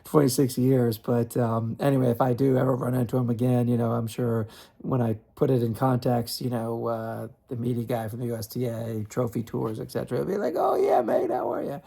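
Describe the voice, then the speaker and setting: A man's voice: medium pitch, level tone, brisk, creaky, mellow. Rambling man telling a tennis story. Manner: rambling, many fillers and restarts. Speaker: tennis magazine writer. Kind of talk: casual storytelling.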